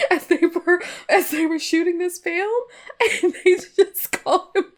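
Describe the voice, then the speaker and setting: A woman hosting a podcast, casually recapping a movie in a chatty, animated way with playful jabs. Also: very high-pitched, slow pace. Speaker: podcast host reviewing a film. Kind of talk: casual chat.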